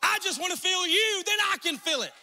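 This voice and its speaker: A man voicing God as a calm, insistent male voice, delivered in a raised, emphatic preaching tone. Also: very high voice, slow, long reverb tail, voice pushed up, heavily acted. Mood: urging.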